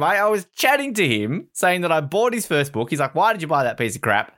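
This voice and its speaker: Man, podcast co-host, casual storyteller, a little high, very lively pitch. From Canada. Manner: animated storytelling, does quick voices for others.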